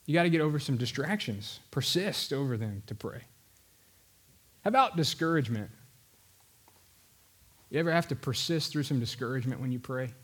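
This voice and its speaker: A man preaching a sermon in a conversational, animated storytelling manner. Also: mid-range voice, moderate pace, pauses often, breathy edge. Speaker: pastor.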